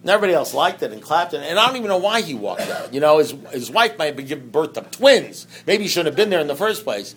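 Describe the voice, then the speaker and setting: A man speaking to a recovery meeting in a rambling, conversational way, full of "you know" asides, swinging between loud bursts and quiet low stretches and acting out dialogue. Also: big pitch swings, fast talker, hardly any pauses, a little hiss or hum. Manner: acts out dialogue in anecdotes. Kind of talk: personal recovery talk to an audience.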